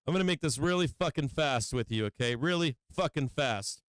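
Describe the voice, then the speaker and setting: A man hosting a live stock market stream from his home office, swearing constantly and talking in an agitated, rapid-fire way. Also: fairly high pitch, lively intonation, dry recording. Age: adult with children. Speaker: stock market livestream host. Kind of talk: live market commentary to viewers.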